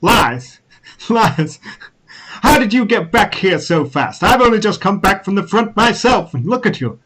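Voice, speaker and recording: A man voices an exasperated war wizard, a man who speaks with open scorn and accusation, his voice sitting a little higher than usual. The delivery is everyday, close to the player's own voice. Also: sing-song, unhurried, a bit bright, full character voice. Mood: scornful. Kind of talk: tabletop role-play.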